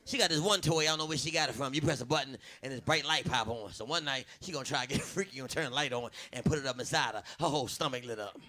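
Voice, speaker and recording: A man doing a loud stand-up set on a club stage, working the crowd and acting out voices. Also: mid-range voice, racing, hardly any pauses. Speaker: stand-up comedian. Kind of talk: stand-up routine.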